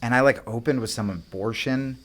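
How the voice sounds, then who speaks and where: A man's voice: medium pitch, a little fast, a little hiss or hum. A young adult man from the United States, a comedian guest telling rambling, profane stories full of fillers in casual chat. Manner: rambling, profane, animated anecdotes with many fillers.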